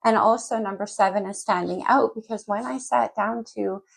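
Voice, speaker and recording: Gravelly, husky woman reading tarot. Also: mid-range voice, moderate pace, poor audio. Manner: rambling, loses and picks up her thread; talks straight to the viewer by sign. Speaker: tarot reader. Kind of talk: casual general tarot reading.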